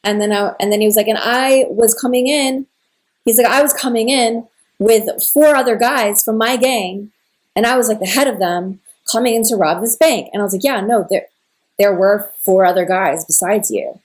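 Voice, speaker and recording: Speaking at normal speed in a medium-pitched voice, this young spiritual content creator rambles casually through a personal story. Her telling is full of "like," with emotional recreations of a conversation she had.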